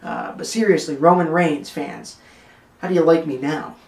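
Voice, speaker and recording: A man's voice: a little high, moderate pace, vocal fry, darkish tone. Man, wrestling podcast host, blunt opinion rant, echoey room, distant mic. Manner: blunt, joking, talks straight to the listener.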